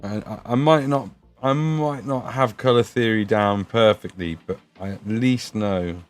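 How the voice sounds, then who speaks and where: Chatty English Midlands man, lowish voice. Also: a little slow, faint music behind. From England. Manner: chatty, swears, laughs often, reads chat aloud. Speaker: livestream host painting miniatures. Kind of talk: casual livestream chat.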